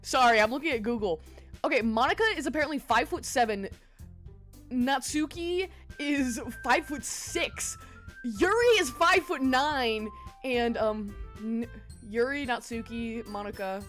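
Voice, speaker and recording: A woman's voice: on the high side, unhurried, fairly bright tone, soft background music. A woman streamer in casual, giggly chat, greeting her viewers by name.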